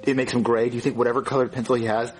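A man voicing a fretful, excitable father who stammers and repeats himself. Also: medium pitch, racing, slightly rough, natural voice, low-quality recording. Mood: frantic. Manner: frantic, stammering, repeats words. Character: fretful, excitable dad of a boy.

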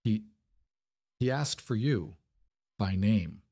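A man voicing a nervous middle-aged female housekeeper who speaks in a halting, hesitant way. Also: fairly low pitch, lively intonation, warm tone, heavily acted. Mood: anxious.

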